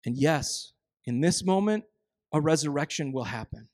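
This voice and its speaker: A man preaching a sermon as pastor, emphatic, often dropping into slow, quiet intensity for key phrases. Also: mid-range voice, dry recording, studio quality.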